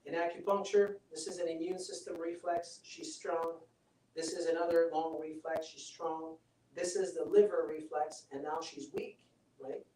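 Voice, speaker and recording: A man presents a live health seminar with a demonstration in a seminar room, speaking persuasively and chattily and frequently checking in with listeners. His fairly high, warm voice is delivered flatly at a normal speed, picked up by a distant mic with a roomy sound and slight background noise.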